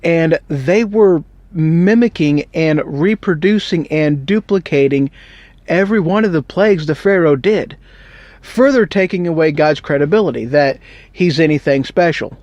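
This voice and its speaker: A man's voice: a little high, normal speed, darkish tone, no echo, dull audio. A man telling a Bible story in a casual, rambling, joking way with slang. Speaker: Bible teacher.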